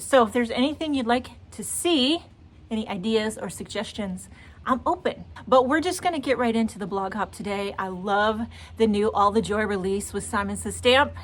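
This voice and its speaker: A woman hosting her own card-making channel, chatting enthusiastically and explaining each step of a crafting tutorial as she works. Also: on the high side.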